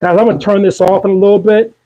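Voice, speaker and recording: A man's voice: high-pitched, fairly even intonation, quick pace, mellow, low-quality recording. A man with a Maryland accent hosting a live cooking stream from his home kitchen, chatty and upbeat as he coaxes viewers along. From Maryland, USA. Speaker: host cooking on a livestream. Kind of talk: casual cooking demo chat to viewers.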